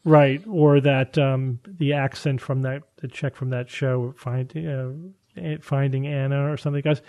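A man's voice: medium pitch, fairly even intonation, a little slow, mellow, dry recording. A man hosting a casual science chat, explaining findings at length with frequent restarts and fillers.

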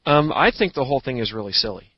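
A man's voice: medium pitch, very animated, quick pace, husky, no echo. Astronomer guy explaining stuff, likes puns, dry close sound, kinda dull lo-fi recording. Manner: chatty, explanatory, enjoys puns. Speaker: astronomer guest. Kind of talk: casual podcast chat.

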